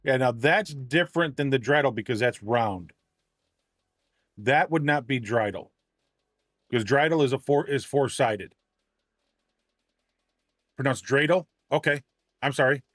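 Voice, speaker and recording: A man's voice: mid-range voice, a little slow, long pauses, a bit bright, dry recording, clean studio sound. A man chatting casually with his livestream audience, rambling and poking fun at himself as he trips over words. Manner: chatty, self-deprecating, stumbles over words. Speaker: game streamer. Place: home streaming setup.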